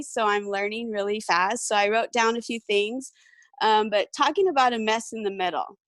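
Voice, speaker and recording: A middle-aged woman speaks over a video call in an even, mid-pitched voice. The sound is dry and close, with no room around it. She shares a personal testimony, halting and emotional, with many ums and restarts. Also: no room sound. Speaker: guest speaker.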